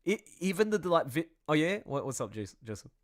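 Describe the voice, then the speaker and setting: A man streaming live and chatting casually, excitable, laughing often and trailing off mid-sentence. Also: fairly high pitch, fast. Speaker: streamer and artist. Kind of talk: casual livestream chat.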